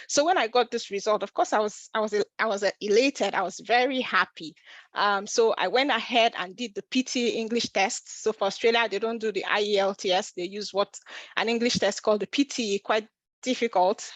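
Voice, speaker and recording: A woman's voice: medium pitch, no echo. Woman vlogger, mid-range voice, earnest personal storytelling with restarts, dry close recording. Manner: earnest, emotional, frequent restarts.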